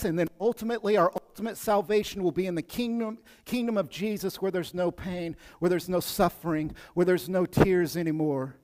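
High-voiced pastor preaching in a reverberant church. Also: male voice. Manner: energetic, swings from hushed to loud, repeats himself. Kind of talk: sermon.

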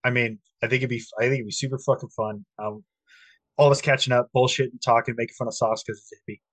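A man's voice: mid-range voice, steady tone, fast talker, no echo. A man co-hosting a casual podcast over a video call, crude and profane, mocking and ranting. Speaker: podcast co-host. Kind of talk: casual chat.

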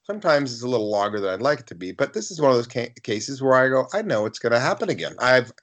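A man's voice: medium pitch, fast talker, fairly bright tone. A man co-hosting a podcast in casual chat, blunt and profane, telling anecdotes. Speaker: podcast co-host.

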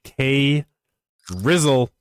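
Man, gaming podcast co-host, lively swooping pitch, dry close sound, blunt and profane. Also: very slow, clear, resonant tone, no echo. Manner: profane, opinionated, animated. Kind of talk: casual gaming chat.

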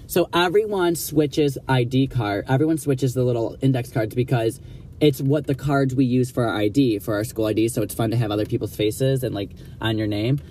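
A man's voice: medium pitch, dark tone, a little hiss or hum. A young man casually telling a story in a blunt, gossipy, profane way, acting out what others said. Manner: blunt, profane, gossipy, acts out quoted dialogue.

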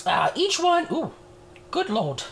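A woman's voice: high-pitched, sing-song, slow, vocal fry, a little hiss or hum, full character voice. A woman playing a cheerful, motherly Mrs. Claus who hosts a cooking segment, chatty and rambling with cheeky asides. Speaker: show host in character.

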